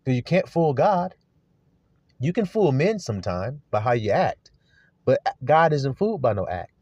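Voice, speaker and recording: A man's voice: mid-range voice, sing-song, moderate pace, darkish tone, husky, no echo. A man preaching a sermon to his flock, asking pointed rhetorical questions in an earnest manner. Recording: dull lo-fi recording.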